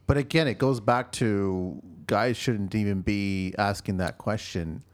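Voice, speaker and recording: A woman's voice: very deep voice, a little slow. A woman hosting a casual podcast, reacting to her guest with short interjections and blunt, disbelieving remarks. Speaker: podcast host.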